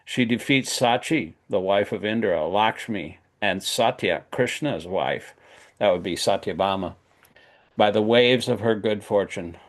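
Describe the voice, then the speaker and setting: A man with a fairly low voice leads a class over a video call. He reads scripture aloud in a steady, list-like way and adds brief comments of his own. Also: measured pace. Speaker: class leader.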